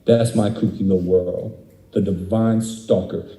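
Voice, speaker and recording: Candid preacher in an echoey church. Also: male voice, lowish voice, fairly even intonation, a little slow, mellow. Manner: candid and conversational, laughs often. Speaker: guest speaker. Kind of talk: interactive sermon. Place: church hall.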